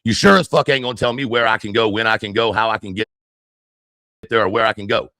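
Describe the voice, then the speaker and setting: A man's voice: on the low side, quick pace, pushed and bright, dry recording. Furious man ranting on a dry mic. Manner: heated, profane, confrontational. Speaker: livestreamer. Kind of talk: angry livestream rant.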